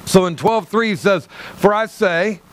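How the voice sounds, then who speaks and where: A man's voice: sits high, measured pace, a bit bright, slight background noise. A middle-aged man, a pastor, preaching a sermon in a loose, conversational way, often restarting his sentences and acting out the voices of people he quotes.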